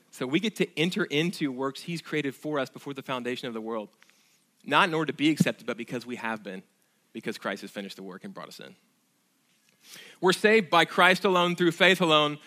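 A man preaching a sermon in church, emphatic, swinging between loud declarations and quiet, soft passages. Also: a little high. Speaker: pastor.

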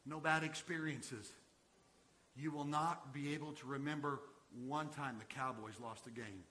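A man preaching a sermon to his congregation. He swings between soaring, emphatic peaks and quiet, hushed asides. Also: medium pitch, steady tone, normal speed, background noise. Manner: preaching that swells to shouted climaxes and drops to quiet asides. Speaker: pastor. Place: church sanctuary.

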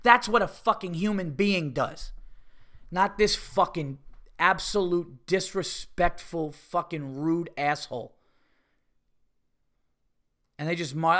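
A man's voice: fairly high pitch, slow, long pauses, pushed and bright. A man hosting a podcast, delivering a comedic rant with profane, fired-up energy. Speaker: podcast host.

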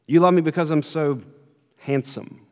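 A man's voice: a little high, fairly even intonation, normal speed, darkish tone, voice pushed up, natural voice. A man voicing a small boastful boy squirrel in a children's story, eagerly listing his merits, with long hall reverb.

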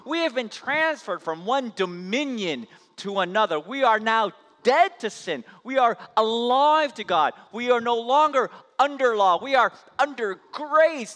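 A pastor preaching a sermon in an impassioned, emphatic way, building through repetition. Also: male voice, very high-pitched, expressive, a little slow, hardly any pauses, fairly bright tone. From United States. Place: church sanctuary. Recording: long hall reverb.

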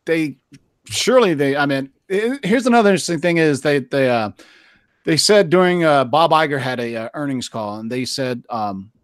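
A man's voice: fairly high pitch, normal speed, no room sound. Rambling, swearing man, dry close sound. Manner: rambling and profane, lots of "you know" fillers. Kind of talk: casual chat.

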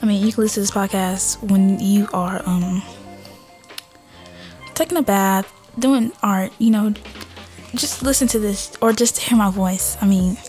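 A young woman hosting her own podcast, chatting loosely with lots of fillers and restarts and often dropping into a soft whisper. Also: mid-range voice, steady tone, unhurried, soft background music. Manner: rambling, many fillers and restarts. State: out of breath. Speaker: podcast host. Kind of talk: casual solo podcast chat.

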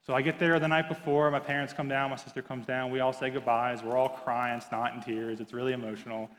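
A man's voice: medium pitch, level tone, fairly quick, a bit bright. A young man in his twenties, sharing an earnest personal testimony with candid, hesitant storytelling. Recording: long hall reverb.

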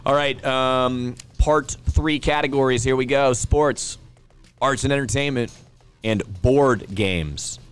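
A man's voice: medium pitch, takes it slowly, clear, resonant tone, faint music behind. A man hosting a pub trivia podcast who announces each question, repeats it and jokes between rounds. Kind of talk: casual podcast quiz announcing.

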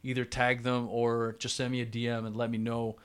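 A man's voice: mid-range voice, completely flat delivery, brisk, clean tone. A young man hosting a solo podcast, telling a personal story in a chatty way full of fillers and restarts. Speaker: podcast host.

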